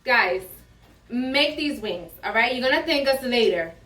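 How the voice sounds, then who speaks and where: Woman co-host with a high, animated voice, chatty and needling, heard from across a roomy kitchen. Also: a little slow, distant mic. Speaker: cooking show co-host. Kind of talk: casual banter. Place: home kitchen. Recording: roomy room from afar.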